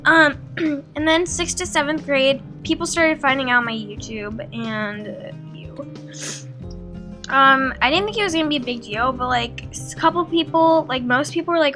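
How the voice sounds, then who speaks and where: Chatty high bright teenage girl. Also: moderate pace. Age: teens. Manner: chatty, full of likes and ums, acts out her own quotes. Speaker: beauty vlogger. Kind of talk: draw-my-life voice-over narration. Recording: faint music underneath.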